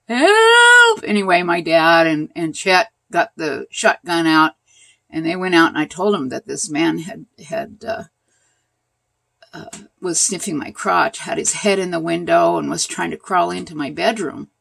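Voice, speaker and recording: An older woman casually telling a personal story as a vlogger, animated and laughing, pointing things out as she goes. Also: fairly low pitch, gravelly, no echo.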